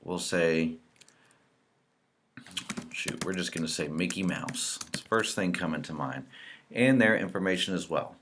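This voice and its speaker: A man giving a relaxed screen-recorded software tutorial, explaining each step as he fills in example entries. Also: low voice, measured pace, pauses often, noisy background. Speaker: real estate software trainer.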